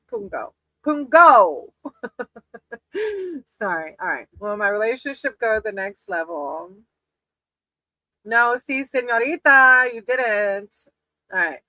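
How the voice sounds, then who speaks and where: A woman's voice: medium pitch, lively intonation, measured pace, long pauses, pushed and bright, dry recording, low-quality recording. A woman doing casual live tarot readings for viewers, affectionate and often laughing, calling people sweetie. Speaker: tarot reader on a livestream.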